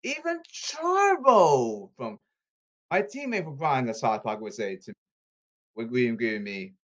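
A man hosting a solo podcast, ranting with exasperation and repeating himself, his pitch leaping and his loudness swinging. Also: fairly quick. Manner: animated, erratic pitch leaps and volume swings. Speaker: podcast host.

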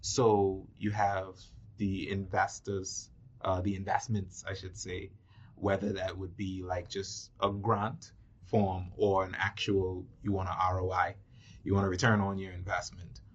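Filmmaker guy in an interview, low husky voice, walks through it step by step, muffled sound. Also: level tone. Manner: measured, explains step by step. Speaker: guest, filmmaker. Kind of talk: casual interview chat. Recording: muffled lo-fi audio.

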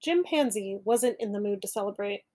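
A woman reading a children's picture book aloud, narrating gently and steadily. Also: mid-range voice, animated, moderate pace. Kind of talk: storybook read-aloud.

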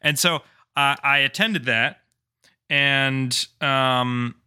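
Bright-voiced man in his thirties telling a story. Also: medium pitch, drawn-out words, smooth. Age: 30s. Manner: rambling, loose, with frequent fillers. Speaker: podcast co-host. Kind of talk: casual storytelling.

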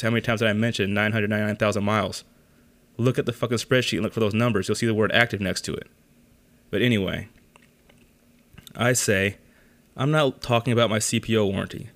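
A man's voice: on the low side, fairly bright tone. A young man hosting a podcast, telling a story in a casual rant, exasperated and full of swearing. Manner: exasperated, profane ranting. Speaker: podcast host.

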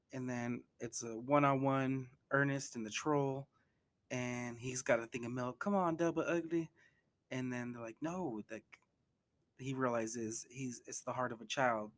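A man giving a casual, profane movie recap who acts out the characters' lines in bursts. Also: fairly bright tone. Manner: loose and profane, acts out quotes with big pitch jumps. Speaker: movie reviewer.

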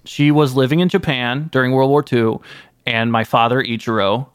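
This is a man improvising a comedy interview. He tells absurd stories with a straight, mock-earnest delivery. His pitch sits mid-range, and the dry, close sound has no room in it. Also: fairly even intonation, moderate pace, clear, resonant tone, no echo. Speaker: guest playing an anime creator.

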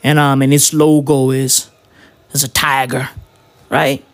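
A man's voice: medium pitch, little pitch movement, a little slow. A man giving a rambling, profane commentary full of slang and fillers. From South Africa. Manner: rambling, slangy, swears constantly, many fillers. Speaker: vlogger.

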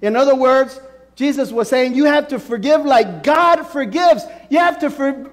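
A pastor preaching a sermon, emphatic, swinging his pitch and volume up and down. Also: normal speed, long reverb tail.

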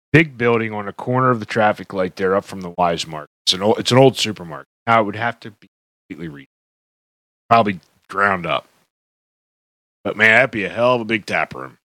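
A man's voice: on the low side, normal speed, long pauses, sharp tone, dry recording. A middle-aged man hosting a casual beer podcast, joking, laughing often and swearing freely. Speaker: podcast host. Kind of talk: casual chat.

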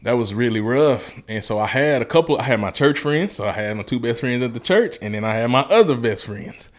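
A man's voice: mid-range voice, lively intonation, fairly quick. A man from Memphis, earnestly telling a personal story as an interview guest in a casual, vivid way. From Memphis, Tennessee. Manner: earnest, colloquial, vivid retelling.

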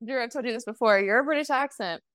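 A woman's voice: fairly high pitch, fast talker, fairly bright tone, no echo, clean studio sound. A woman co-hosting a casual podcast chat over a call, bubbly and laughing often. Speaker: podcast co-host. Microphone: remote call mic.

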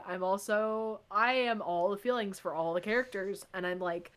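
Young woman, podcast co-host, casual book chat, reads passages aloud, animated, exasperated. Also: mid-range voice, moderate pace, few pauses, clean tone.

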